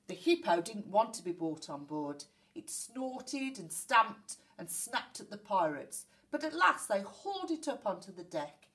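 A woman teacher reading a children's storybook aloud in an expressive, animated way. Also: mid-range voice, unhurried, few pauses, distant mic.

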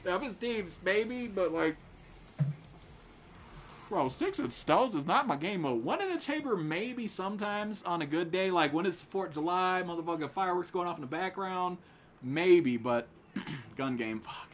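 A young man streaming a shooter game, cursing and trash-talking with friends in excited, loud outbursts. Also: high voice, normal speed, a little hiss or hum. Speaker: gaming streamer. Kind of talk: live gameplay commentary with friends.

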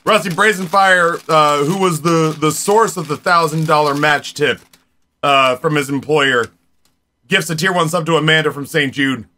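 A man's voice: fairly high pitch, normal speed, bright, forceful tone, a little hiss or hum. A man in his forties chatting casually on a live stream, rambling and talking straight to his viewers. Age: 40s.

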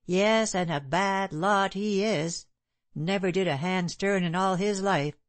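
A woman voicing a calm, stern gentleman in an audiobook, cold and composed. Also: mid-range voice, unhurried, no echo, lightly acted.

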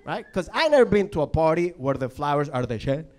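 A young man from Venezuela, a native Spanish speaker with a Venezuelan Spanish accent, doing an animated stand-up comedy set, swearing and acting out voices. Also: on the high side, fairly quick, very noisy. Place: comedy club stage. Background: audience laughter.

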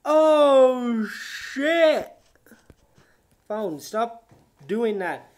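A woman's voice: on the high side, animated, drawn-out words, darkish tone. A woman hosting a reaction video, exclaiming, swearing and laughing in disbelief. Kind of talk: casual reaction commentary.

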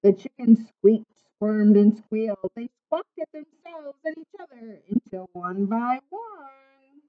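A woman reading a children's picture book aloud in an expressive, singsong storytelling manner. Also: fairly high pitch, slow. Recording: slightly muffled lo-fi recording.

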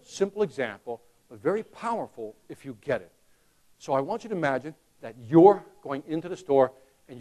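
A man giving a lively sales training talk to a live audience, acting out customer voices and joking with the crowd. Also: mid-range voice. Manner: animated, acts out customer voices, jokes with the crowd. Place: conference hall.

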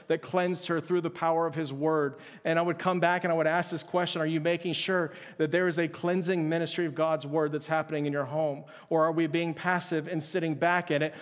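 A man preaching a sermon as pastor. He speaks earnestly and repeats his key questions for emphasis. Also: on the high side. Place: church sanctuary. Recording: live church stream with long hall reverb.

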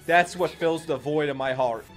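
A young man reacting to an anime episode, excitable and profane, yelling at the characters on screen. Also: on the high side, normal speed. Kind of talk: live anime reaction commentary. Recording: music from the show playing behind.

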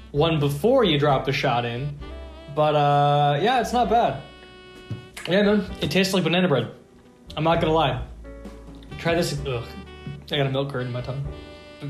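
A man from Michigan, a former bartender, hosting a casual cocktail review vlog in a chatty, self-mocking way with lots of fillers. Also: fairly high pitch. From Michigan, USA. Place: home bar. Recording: echoey room with faint guitar music.

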